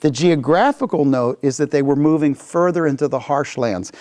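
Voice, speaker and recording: Male Bible teacher, high and lively, acts out the complaints in his readings. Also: moderate pace. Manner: animated, acts out people's complaints. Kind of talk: Bible class lecture.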